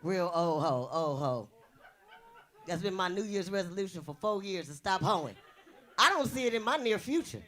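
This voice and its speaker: A woman's voice: lowish voice, lively intonation, moderate pace. Brash young woman doing bawdy stand-up. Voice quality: big voice. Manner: brash, bawdy, loud punchlines. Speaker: stand-up comedian. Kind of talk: stand-up comedy routine.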